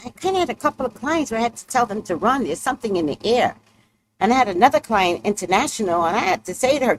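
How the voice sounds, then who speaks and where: Blunt, animated woman chatting on a livestream. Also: a little high, fast, a little hiss or hum. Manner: blunt and outspoken; animated storytelling with laughs. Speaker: host. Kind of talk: casual livestream chat.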